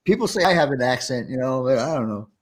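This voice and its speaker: A man's voice: medium pitch, very animated, fairly quick. New York man hosting a chat show. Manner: reads out viewer comments, chatty, laughs easily. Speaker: live-stream host. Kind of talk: casual live-stream chat.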